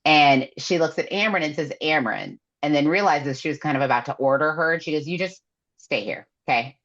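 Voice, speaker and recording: A woman's voice: low voice, brisk. A woman, recapping a novel in a casual podcast chat and acting out the characters' lines with animation. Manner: animated storyteller acting out quotes. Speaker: podcast co-host. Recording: dull lo-fi sound.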